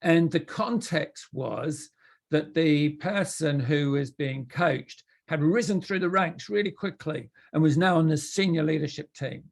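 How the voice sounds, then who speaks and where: Hesitant man with a gravelly voice. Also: a little high, a little slow. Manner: hesitant, with many fillers and restarts. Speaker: conference speaker. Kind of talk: conference talk. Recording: online conference talk.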